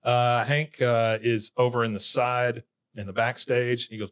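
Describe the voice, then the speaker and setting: A man's voice: medium pitch, steady tone, measured pace, fairly bright tone, clean tone. Brief: male podcast co-host, casual scene-by-scene recap. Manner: narrates scenes, acts out quotes.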